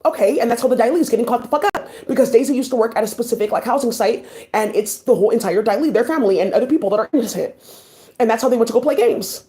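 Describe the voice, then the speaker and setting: A woman in a rambling vlog monologue, talking at a rapid clip. Her delivery is agitated and profane, and she jumps from one thought to the next without pause. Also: fairly high pitch, dark tone.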